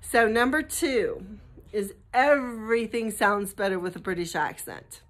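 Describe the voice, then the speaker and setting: A woman's voice: medium pitch, measured pace, a bit bright. A middle-aged American woman talking casually to camera in a vlog, rambling with restarts and stopping for asides to her dog. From United States. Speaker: vlogger.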